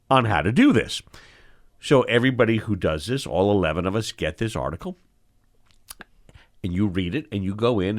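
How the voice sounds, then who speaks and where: A man, an eye surgeon, telling stories from his training in a podcast chat, acting out the people he quotes. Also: fairly low pitch. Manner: animated storyteller, acts out quotes. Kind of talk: storytelling in a podcast conversation.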